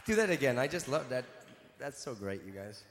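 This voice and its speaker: A man with a medium-pitched, sing-song voice talks fairly quickly as he performs live stand-up on a big stage, playfully teasing and bantering with the crowd. The sound is an echoey hall with long reverb and audience ambience at a large live venue.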